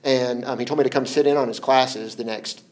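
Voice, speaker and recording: A man as an interview guest, telling stories in a relaxed, hesitant way, repeating words and laughing often. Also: medium pitch, fairly quick. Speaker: interview guest, former translation collaborator. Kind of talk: relaxed conversational storytelling.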